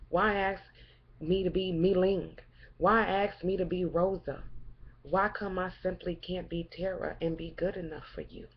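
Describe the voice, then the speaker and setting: A woman's voice: medium pitch, slightly rough. A woman delivers a fervent, preachy monologue straight to camera. She fires off rhetorical questions and swears freely. Her voice sits mid-range for a woman, and the recording sounds dull and lo-fi. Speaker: vlogger.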